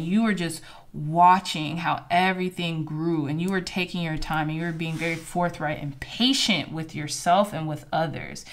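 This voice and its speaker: Woman, tarot reader, low-ish voice, warm earnest spiritual delivery, calls the audience y'all. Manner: earnest, emotional, addresses viewers as y'all. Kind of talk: pick-a-card tarot reading.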